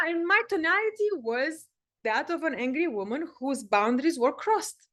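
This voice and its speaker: A woman with a high, expressive, slightly bright voice teaches a live voice-coaching lesson at a moderate pace. She explains each point emphatically and shifts her delivery to demonstrate.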